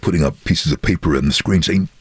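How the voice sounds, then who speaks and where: A man, a voiceover artist, telling lively anecdotes in an interview and acting out other people's voices. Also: a bass voice, quick pace, slightly rough, dry recording. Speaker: voiceover artist and train driver. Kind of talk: storytelling in an interview.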